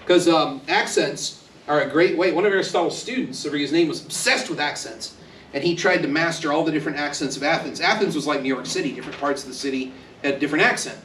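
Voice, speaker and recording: A man's voice: fairly high pitch, fast, fairly bright tone, slight background noise. A man from Texas giving a conversational university lecture, joking and acting out quoted voices. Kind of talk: classroom lecture. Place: university classroom. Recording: echoey classroom, speaker far from mic.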